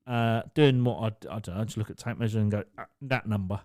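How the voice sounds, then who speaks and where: With a fairly low, slightly mellow, smooth voice and no echo, a young man talks quickly while co-hosting a podcast. He spins casual stories loosely, swearing and breaking into laughter at his own tales.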